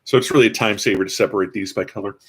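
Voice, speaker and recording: A man's voice: fairly low pitch, fairly even intonation, racing, a little hiss or hum. A man casually commenting as he builds a toy kit, rambling with dry, self-mocking asides. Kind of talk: casual live-stream commentary.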